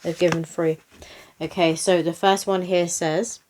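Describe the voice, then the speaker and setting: A woman's voice: fairly low pitch, level tone, unhurried, darkish tone. A young woman, hosting a psychic card reading in a chatty, flowing way and reading rhyming poems aloud. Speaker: psychic medium host.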